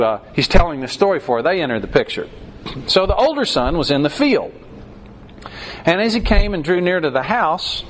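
A man preaching a sermon, telling a parable in an animated style. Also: high-pitched, a little hiss or hum. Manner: animated storytelling, acting out the scripture.

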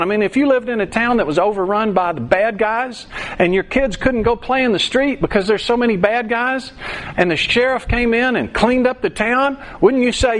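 A man's voice: very high voice, normal speed. A man preaching a sermon verse by verse, acting out quoted voices and bursting into song. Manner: animated preacher, acts out voices and sings a line. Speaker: pastor.

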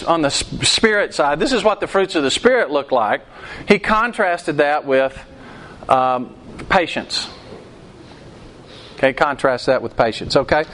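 Higher-voiced man preaching interactively. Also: big pitch swings, normal speed, fairly bright tone, slight background noise. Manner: asks the congregation questions, acts out quoted outbursts. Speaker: pastor. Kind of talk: interactive sermon.

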